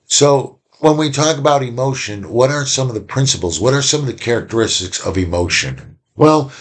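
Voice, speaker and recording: A man giving a casual recorded lecture from home, rambling and conversational with many fillers and restarts. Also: fairly low pitch. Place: home room.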